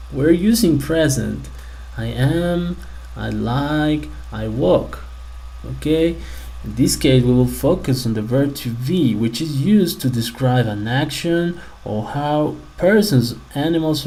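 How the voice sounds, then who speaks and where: A man teaches children a simple English lesson, speaking slowly and patiently and asking them lots of friendly questions. His medium-pitched voice is warm, though the audio quality is poor.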